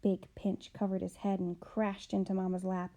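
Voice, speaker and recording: A woman narrating a children's book with expressive, measured storybook reading. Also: mid-range voice. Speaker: audiobook reader.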